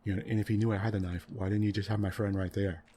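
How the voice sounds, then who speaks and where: A man in soft-spoken gaming commentary, rambling and exasperated as he rants about a game's story, full of "right?" and "you know" fillers. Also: on the low side, little pitch movement, fast talker, slight background noise. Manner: rambling, exasperated ranting about a game plot; frequent tag questions and fillers. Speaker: gaming channel host.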